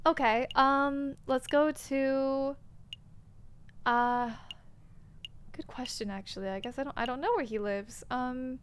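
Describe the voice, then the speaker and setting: Woman streamer, high voice, joking casual commentary over a game. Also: steady tone, slow, pauses often, clean tone. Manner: joking, thinking aloud.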